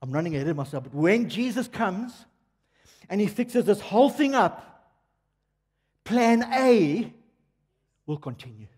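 An older preacher, animated and conversational, who keeps putting questions to his listeners. His voice sits high and slightly raspy. It carries through a church hall with a long, echoing reverb. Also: moderate pace. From South Africa. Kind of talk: sermon.

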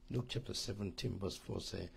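A man teaching a church marriage course, earnest and halting, often repeating words and asking listeners if they understand. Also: lowish voice, vocal fry, a little hiss or hum.

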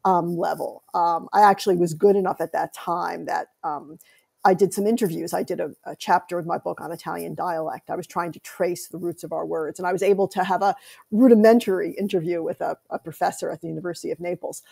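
A middle-aged woman, an author interviewed as a guest, telling family stories in an animated way and laughing often. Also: lowish voice, fairly quick, vocal fry, slightly rough. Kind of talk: conversational interview.

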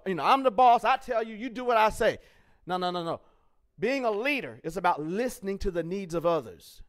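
High-voiced man teaching teens, call-and-response. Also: a bit bright. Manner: call-and-response questioning, emphatic and repetitive; spells words out letter by letter. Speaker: camp leadership teacher. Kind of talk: interactive classroom teaching.

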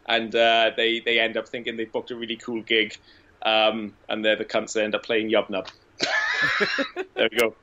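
A man's voice: lowish voice, moderate pace, slight background noise. Man telling profane comic stories. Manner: animated, profane comic storytelling. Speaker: guest filmmaker. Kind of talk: casual podcast chat. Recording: dull lo-fi audio.

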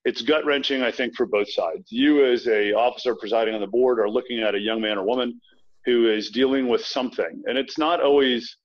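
A middle-aged man from Virginia, an author talking casually as an interview guest, quick and anecdotal with frequent restarts. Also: mid-range voice. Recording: dull lo-fi sound.

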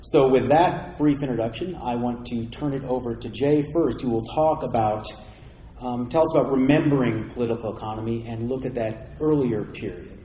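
A male moderator introduces the next speaker at a conference. His tone is mellow, and his voice rings through a reverberant hall. Faint noise runs in the background. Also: medium pitch, normal speed.

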